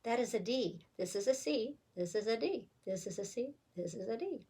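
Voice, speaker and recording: A woman's voice: a little high, expressive, normal speed, heavy background noise. A woman music teacher giving a recorder lesson with patient, encouraging step-by-step instructions.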